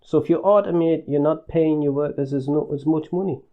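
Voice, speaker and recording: A man voicing a boastful factory owner chatting on the phone, with a deliberately put-on regional accent and breezy, cheeky banter. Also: fairly high pitch, big pitch swings, phone-quality sound, pitched above the performer's own voice.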